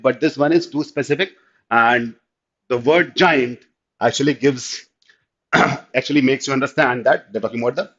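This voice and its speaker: A man with an Indian English accent teaching an online class, explaining step by step and often asking whether it is clear. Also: mid-range voice. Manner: explanatory, checks understanding with repeated "clear?", mixes in Hindi. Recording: slightly dull lo-fi audio.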